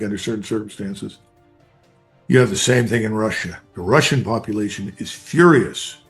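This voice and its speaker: An older man, a retired army colonel, giving blunt, emphatic analysis in an interview, speaking in short declarative bursts. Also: medium pitch.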